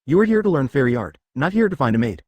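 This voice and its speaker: A man voicing a cold, aloof female snake spirit teacher in a machine-read web novel audiobook, with a flat delivery. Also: mid-range voice, fast, slightly rough, dry recording.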